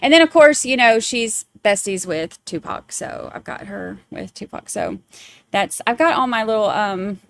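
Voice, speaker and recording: A woman's voice: mid-range voice, expressive, moderate pace, creaky. A woman hosting a true crime podcast, rambling in casual chat with many fillers. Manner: chatty, rambling, lots of fillers.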